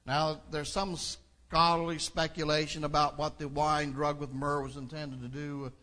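A man's voice: on the high side, flat delivery, measured pace, pushed and bright. A man preaching a sermon, reading scripture aloud and then explaining it in an earnest delivery that builds in intensity. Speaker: pastor.

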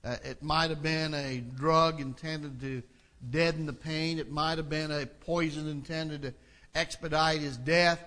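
Man preaching a sermon, bright and forceful tone, earnest and building. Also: a little high, steady tone, a little slow. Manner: reads scripture aloud, then explains it in an earnest, building delivery. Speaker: pastor.

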